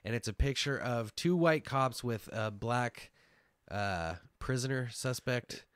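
A man's voice: medium pitch, a little slow, smooth, no room sound, clean studio sound. A man co-hosting a casual podcast in a hot small room, rambling and swearing with lots of fillers and restarts. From Oregon. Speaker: podcast co-host.

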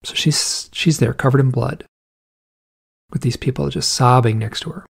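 Male guest, storyteller; gravelly, husky voice; animated delivery. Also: mid-range voice, normal speed. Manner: animated storyteller, acts out quoted people in a raised voice. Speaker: podcast guest. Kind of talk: storytelling in casual conversation.

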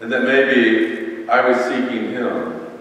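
An older man preaching a conversational sermon as a pastor, unhurried, with joking asides to his congregation. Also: mid-range voice, lively intonation, a bit bright. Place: church sanctuary. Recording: echoey church hall from far off.

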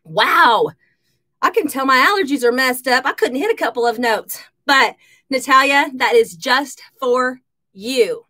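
A woman hosting a casual live stream from her home kitchen, chatting and shouting out viewers by name. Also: sits high, animated, normal speed.

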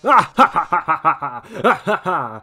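Man reads flamboyant robot showman, slow, sing-song, melodramatic, game tune underneath. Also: high-pitched, lively intonation, fairly bright tone, faint music behind, pitched above the performer's own voice, exaggerated voice. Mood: theatrical. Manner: theatrical, drawn-out, mock-tragic.

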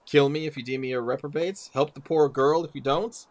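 A man's voice: fairly high pitch, steady tone, a little fast, no room sound, natural voice. A man reading the lines of a guarded, defiant female elf wanderer in a game, in a terse, wary way.

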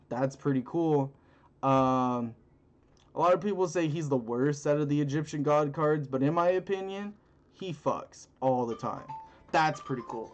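A man's voice: medium pitch, highs cut off. A man rambling through a casual card-opening video with crude jokes and lots of fillers, recorded on a phone. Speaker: channel host.

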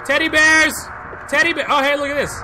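A man doing a let's play commentary on a horror game, jumpy, loud and joking as he shouts at what happens on screen. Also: extremely high pitch, steady tone, a little fast, background noise. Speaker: gaming video host.

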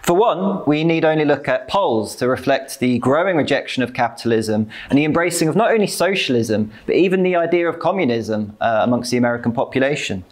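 A man's voice: mid-range voice, lively intonation, a little fast, few pauses. A man giving a lecture-style public talk, earnest, with frequent fillers and dry asides. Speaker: speaker at a political talk.

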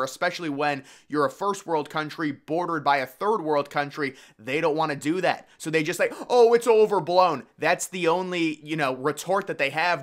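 A man's voice: on the high side, fairly bright tone. A man giving opinionated, sarcastic political commentary in a casual way. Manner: opinionated, sarcastic, mocking impressions.

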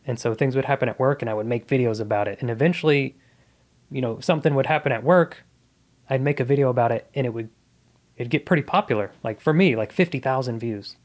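A man's voice: mid-range voice, fast, a little mellow. A man in his thirties, a comedian guest on a podcast, telling his life story in a casual, earnest and reflective way.

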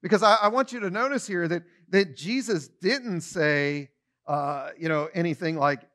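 A man's voice: high-pitched, moderate pace, a bit bright. A man pastor giving a conversational sermon, often repeating words as he starts a phrase and acting out everyday quotes with a shifting tone.

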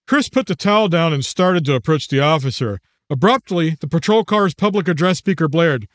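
A man narrating his own audiobook in a measured, even storytelling manner. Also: a little high, no echo, studio quality.

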